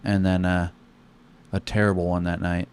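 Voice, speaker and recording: Young male comic host, low voice, profane and animated storyteller. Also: normal speed, clear, resonant tone. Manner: profane, animated, acts out quotes loudly. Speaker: comedian podcast host. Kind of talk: casual storytelling chat.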